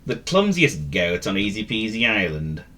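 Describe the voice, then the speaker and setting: Guy reading a kids story, super lively swooping voice, bright tone, playful asides. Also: lowish voice, moderate pace, slight background noise. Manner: playful, teasing asides to the listener. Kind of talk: children's story narration.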